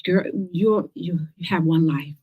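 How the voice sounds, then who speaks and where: A woman's voice: fairly low pitch, slow pace, slightly rough, narrow, tinny audio. A woman from the United States hosting a cancer survivor talk show, speaking casually and directly to her viewers. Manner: lively, direct, speaks to listeners as girl and y'all.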